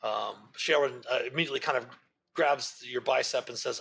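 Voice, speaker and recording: A man's voice: mid-range voice, fairly quick, vocal fry, a bit bright, husky. Give me a man narrating a tabletop game with lots of fillers. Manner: loose, filler-heavy narration. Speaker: game master.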